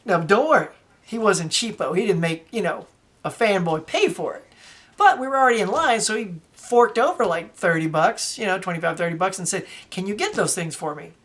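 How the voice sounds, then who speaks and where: A chatty woman with a twang shows off her movie collection in a loose, animated vlog. Her voice sits in a middle pitch, and she wanders off topic before pulling herself back. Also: a little fast. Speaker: collector vlogger. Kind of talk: casual show-and-tell vlog.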